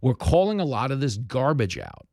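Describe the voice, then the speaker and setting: A man's voice: medium pitch, normal speed, no room sound, studio quality. A man hosting an opinion podcast, talking emphatically and telling stories with energy. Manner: emphatic, animated storytelling. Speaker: podcast host. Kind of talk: opinion commentary.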